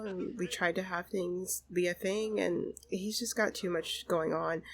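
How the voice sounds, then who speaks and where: A woman voicing a sweet young woman on a birthday date, earnest and apologetic, talking in a soft, reassuring way. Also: lowish voice, close to an everyday voice.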